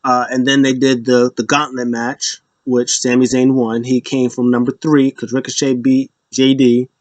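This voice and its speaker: A man's voice: medium pitch, little pitch movement, moderate pace, a little mellow, dry recording. A man casually recapping wrestling events in a rambling way, acting out what people said in raised voices. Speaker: podcast host.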